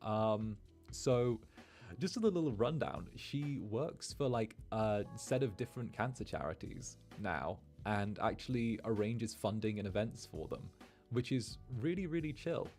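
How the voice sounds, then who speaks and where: A man streaming as a VTuber, telling a story in an animated, chatty way and acting out the quotes. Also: on the low side, measured pace, faint music behind. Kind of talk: casual storytelling.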